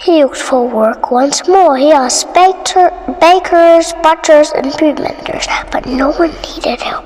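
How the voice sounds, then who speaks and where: A woman with an Indonesian accent reading a bedtime story aloud in a soft, often whispery voice. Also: high voice, a little slow. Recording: reverberant room, faint noise.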